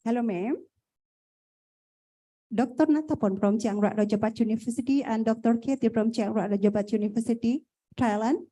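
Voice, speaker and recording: A woman's voice: on the high side, brisk, warm tone, low-quality recording. A woman, moderating an academic conference in a polite, formal way with many fillers. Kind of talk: hosting an online academic conference.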